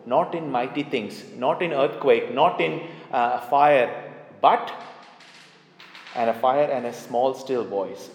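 A man's voice: medium pitch, a little mellow. A man preaching a sermon emphatically, repeating key phrases to drive them home. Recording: echoey hall reverb.

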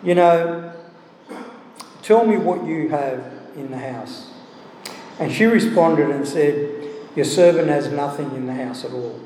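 A man gives a relaxed, talkative sermon, with a slightly high, mellow voice. His voice rings with a long reverb from the hall. Faint room noise sits underneath. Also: unhurried, pauses often. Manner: conversational, with frequent "you know" asides. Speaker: preacher. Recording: echoey hall, heard from a distance.

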